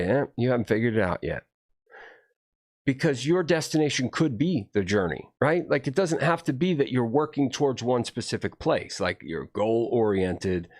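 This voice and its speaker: A man delivering a rambling, profane monologue to camera, swinging between low muttering and heated outbursts. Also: creaky. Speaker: video host.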